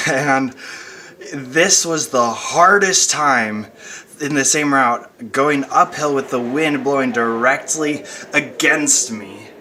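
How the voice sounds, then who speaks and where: A man's voice: medium pitch, takes it slowly, sharp tone. A young man speaking as a pastor in a chatty, casual devotional talk, with fillers and light laughs, recorded at home. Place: at home, wind outside.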